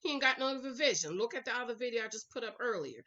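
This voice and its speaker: Sassy, lively woman vlogger talking to viewers. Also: on the high side, fast talker, highs cut off. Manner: sassy, animated, calls viewers y'all, honey and girl. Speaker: reality TV recap vlogger. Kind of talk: casual chatty commentary to viewers. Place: at home.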